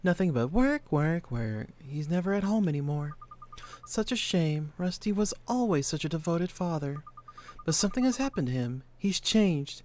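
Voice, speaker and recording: A woman's voice: sits low, sing-song, normal speed, slight background noise. Gossipy old neighbor lady. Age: older. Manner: soft-spoken, fussy, gossiping. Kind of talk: video game voice acting.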